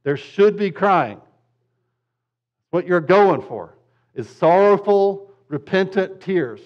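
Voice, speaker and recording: A man's voice: high voice, animated, slow pace, dull audio. A pastor teaching parents in a casual, conversational way, with joking asides, who keeps checking in with his listeners.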